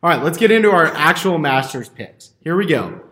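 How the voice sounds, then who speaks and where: Man, podcast host, upbeat, teasing, fairly high voice, echoey room. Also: big pitch swings, moderate pace, bright, forceful tone. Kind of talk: casual podcast banter.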